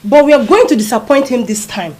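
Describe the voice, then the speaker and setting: Woman as a Nigerian village gossip, slightly high and animated, scornful. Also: fairly quick, close to an everyday voice.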